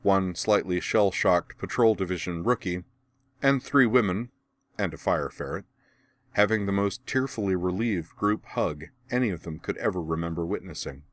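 Male narrator, audiobook reading, low voice, dry close recording, steady delivery. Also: moderate pace, no echo. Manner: steady, even storytelling. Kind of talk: audiobook reading of fan fiction.

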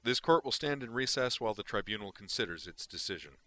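A man reads a male presiding judge in an audiobook, with a deep voice and crisp diction. He makes formal, declarative pronouncements. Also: animated, quick pace, pushed and bright, slight background noise.

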